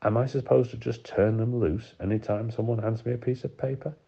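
A man's voice: mid-range voice, fairly even intonation, brisk, gravelly, warm tone, husky, voice pushed up. A man voicing a cold, lying woman camp warden in an audiobook, curt and defensive. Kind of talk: audiobook character voice. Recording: dull lo-fi recording.

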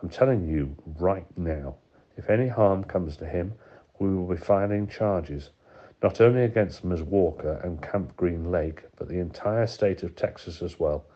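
A man voicing a short, fierce, protective woman lawyer in an audiobook, speaking sharply and forcefully. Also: sits low, unhurried. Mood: stern. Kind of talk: audiobook character voice. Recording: dull lo-fi recording.

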